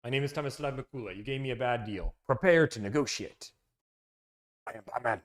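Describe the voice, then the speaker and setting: A man putting on a stern male car-deal negotiator persona, with rushed, mock-dramatic declarations. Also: mid-range voice, close to an everyday voice. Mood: mock-serious.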